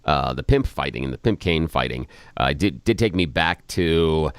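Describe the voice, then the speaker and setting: Deep-voiced middle-aged radio host. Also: male voice, clear, resonant tone, dry recording, studio quality. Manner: relaxed, unhurried reminiscing. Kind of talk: casual chat.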